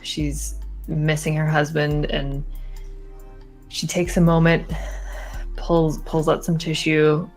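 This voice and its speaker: A woman describes her character's actions in a tabletop game, speaking slowly and hesitantly with many fillers. Her voice is fairly low for a woman, and faint music plays behind it. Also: completely flat delivery, darkish tone. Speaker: player.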